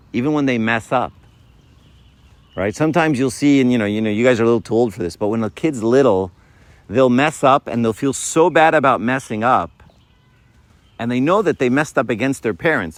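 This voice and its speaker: A man's voice: medium pitch, lively intonation, moderate pace, dry recording. Chatty man in his fifties giving a faith talk. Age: 50s. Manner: informal, keeps checking in with "right?"; acts out little scenes with changed voices. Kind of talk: conversational religious talk to young people.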